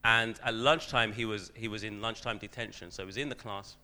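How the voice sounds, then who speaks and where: A man's voice: fairly low pitch, steady tone, brisk, bright, forceful tone. A man, a teacher, telling a self-deprecating story in a church talk, with frequent restarts.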